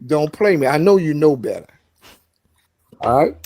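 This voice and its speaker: A man's voice: a little high, animated, moderate pace, a little mellow. A man with a Chicago accent, a guest on a live stream, talking in a preachy way and repeating himself. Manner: preachy, repeats himself, says okay a lot. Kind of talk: casual live stream chat.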